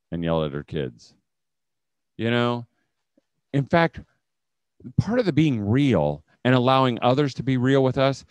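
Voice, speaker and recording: Middle-aged man, conference talk, storytelling, animated pitch, dry close sound. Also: no room sound. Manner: conversational storytelling, acts out quotes. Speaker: speaker at a homeschool leaders' event.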